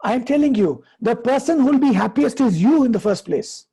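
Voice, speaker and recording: A man, a happiness coach giving advice and telling stories in a deliberate way, slowing down for emphasis. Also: very high-pitched, expressive, warm tone, husky. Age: 50s. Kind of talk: conversational advice, storytelling.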